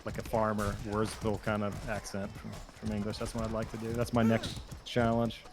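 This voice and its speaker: Voice actor guest, male, lowish voice, loose rambling chat, noisy recording behind him. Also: moderate pace. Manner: relaxed and rambling, with frequent fillers. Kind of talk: casual chat during a game stream. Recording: noisy background.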